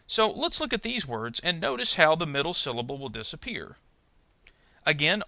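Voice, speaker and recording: A man teaching English pronunciation, speaking slowly and deliberately and saying each example word twice. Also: medium pitch, creaky, sharp tone, no room sound. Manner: slow, deliberate, models example words twice. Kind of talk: instructional narration.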